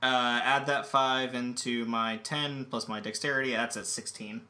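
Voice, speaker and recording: A man's voice: mid-range voice, fairly even intonation, unhurried, bright, forceful tone. A man playing a tabletop role-playing game, hesitant and asking about the rules. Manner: hesitant, asks rule questions. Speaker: player. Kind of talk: casual tabletop play.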